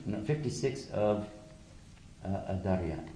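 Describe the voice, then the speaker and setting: A man's voice: fairly low pitch, animated, unhurried, warm tone, a little hiss or hum. A man giving a religious lecture to a live audience, emphatic and full of rhetorical questions. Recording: echoey lecture hall.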